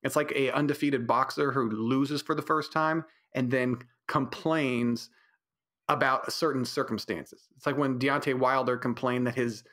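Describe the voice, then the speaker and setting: Hosting a casual solo podcast from home, this man talks bluntly and opinionatedly, rambling with mild profanity, plenty of fillers and frequent restarts. His voice sits at medium pitch with fairly even intonation, a measured pace and a fairly bright tone.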